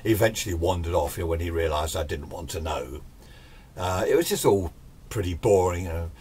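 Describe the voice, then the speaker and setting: Older male storyteller, husky and low, loose rambling delivery. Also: lively intonation, fairly quick, a little mellow. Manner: rambling, chatty, self-deprecating. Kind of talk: casual spoken ghost story.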